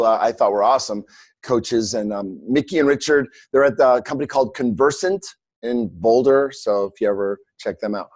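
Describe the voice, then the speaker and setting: A middle-aged man teaching a coaching class in a casual, rambling way, joking at his own expense, with many fillers. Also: mid-range voice. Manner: rambling, jokey, self-mocking, many fillers. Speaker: coaching instructor. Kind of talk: casual teaching on a group call.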